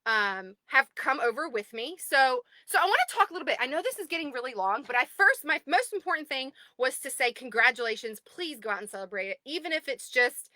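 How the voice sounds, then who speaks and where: A woman in her thirties, the owner of an online group, chatting excitedly on a livestream from home and greeting viewers by name. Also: high-pitched, fairly quick, hardly any pauses, dry recording. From United States. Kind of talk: casual livestream chat.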